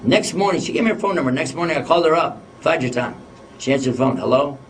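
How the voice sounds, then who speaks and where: A man's voice: on the high side, animated, quick pace. A man, telling a humorous personal story in a loose, self-mocking, chatty way during a lecture. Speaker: Islamic lecturer. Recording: voice picked up from a distance.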